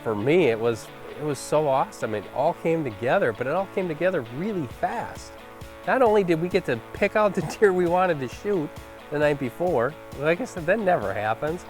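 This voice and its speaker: A man's voice: a little high, lively intonation, moderate pace, soft background music. A man hosting a hunting show, looking back on the hunt in conversational commentary, enthusiastic and full of "you know"s. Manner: enthusiastic, conversational, filler-heavy. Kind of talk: reflective interview-style commentary.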